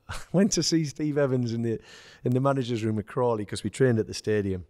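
An English man, a former footballer, telling lively anecdotes in casual chat and acting out the quoted dialogue. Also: mid-range voice, fairly quick, no room sound, studio quality. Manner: storytelling, acts out quoted dialogue, laughs. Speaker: former footballer, podcast guest.

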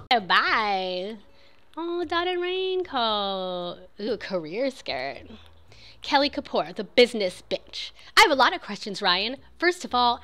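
A young woman chatting excitedly while streaming a video game, full of "like" and quick reactions. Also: mid-range voice, slight background noise. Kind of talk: casual game streaming chat.

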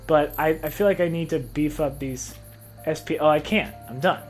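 A man hosting a let's-play video, excitable and profane, often laughing and shouting at the game. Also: fairly high pitch, moderate pace, faint music behind. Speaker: gaming video host.

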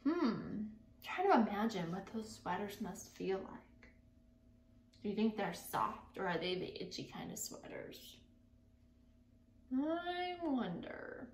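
A woman teacher reading a picture book aloud to her class, pausing to think out loud about what she imagines. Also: medium pitch. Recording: echoey room.

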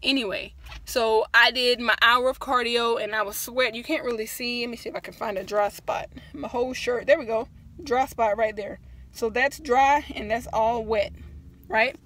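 Bright chatty woman vlogger. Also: a little high, steady tone, moderate pace. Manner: chatty, rambling, encouraging, says "y'all". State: tired after a workout. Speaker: fitness vlogger. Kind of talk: casual chat to camera. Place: parked truck.

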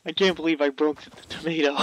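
A man's voice: a little high, steady tone, normal speed, a bit bright. A man casually commentating a video game, playful and teasing, laughing often. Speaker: gameplay commentator.

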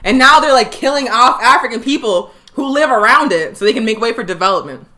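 Young woman host, slightly high voice, impassioned live political talk, punchy repetition. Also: animated, a little fast, bright, forceful tone. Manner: fiery, emphatic, repeats phrases for stress. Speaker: political education show host.

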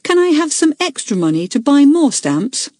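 A woman's voice: sing-song, normal speed, a little mellow, dry recording, clean studio sound. A woman narrator voicing a careless young schoolboy begging for extra money in an audiobook. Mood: pleading. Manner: pleading, high.

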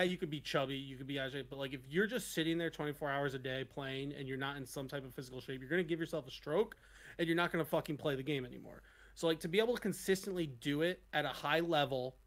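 Halting young man in casual chat. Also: fairly high pitch, fairly bright tone. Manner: hesitant, full of "like" and restarts.

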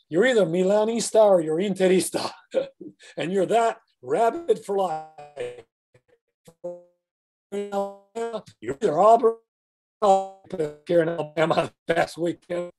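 A man's voice: a little high, a little mellow. Chatty man teaching a Bible class.

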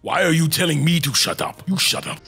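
A man voicing a stern, gruff warrior god and father in stiff formal speech, scolding his partner as "boy" during a game stream. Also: on the low side, very animated, brisk, a bit bright, soft background music, full character voice. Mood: barking. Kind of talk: gameplay voice impression.

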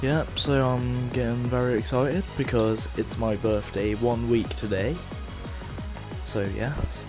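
A young man rambling casually through a let's-play of a game on a headset mic, with lots of fillers and sudden shouts of frustration. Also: mid-range voice, level tone, slow, over music. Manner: rambling, filler-heavy, bursts into rage shouts. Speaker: gaming video host.

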